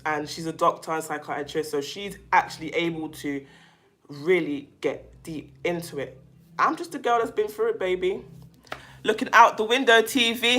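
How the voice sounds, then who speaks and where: A woman talking straight to her viewers in a casual monologue, emphatic and animated, often calling the listener "baby" and repeating herself as she goes. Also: lowish voice. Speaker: vlogger talking about narcissistic abuse.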